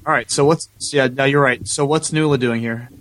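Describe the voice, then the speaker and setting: A man co-hosts a casual book discussion at an easy pace. He speaks in an average pitch and gives his opinions in a relaxed, agreeable way. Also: fairly quick, rough recording. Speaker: podcast co-host.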